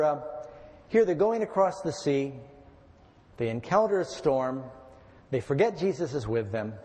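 A man pastor delivering a calm, measured sermon with dramatic scripture readings. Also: fairly high pitch, long reverb tail.

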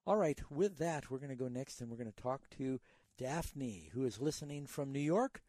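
A man's voice: mid-range voice, expressive, moderate pace, dark tone, dry recording. A man hosting a call-in Bible radio show, earnestly explaining scripture to callers in a teaching way. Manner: earnest, teaching tone with a storytelling aside.

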